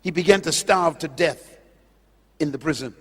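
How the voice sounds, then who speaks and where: A man preaching a sermon, emphatic and impassioned, questioning his listeners directly and drawing out key words slowly. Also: slightly rough. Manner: impassioned, emphatic, swings from loud declarations to low slow drawn-out words. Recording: long hall reverb.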